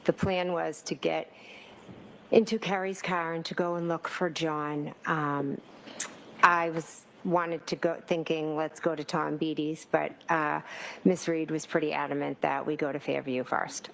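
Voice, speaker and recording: A woman's voice: low-pitched, level tone, unhurried, creaky, slight background noise, poor audio. A woman giving courtroom testimony as a witness, hesitant, with many fillers and restarts. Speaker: trial witness.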